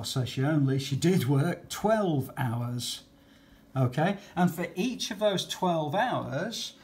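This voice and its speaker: A man's voice: fairly high pitch, darkish tone. Chatty man teaching maths. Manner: chatty, patient, says okay often. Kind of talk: talking through exam questions.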